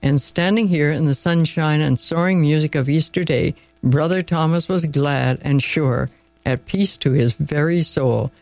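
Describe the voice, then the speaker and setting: Gravelly male storyteller, close and dry. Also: fairly high pitch, a little slow, darkish tone, dry recording, soft background music, poor audio. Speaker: storyteller host. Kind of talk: storybook reading.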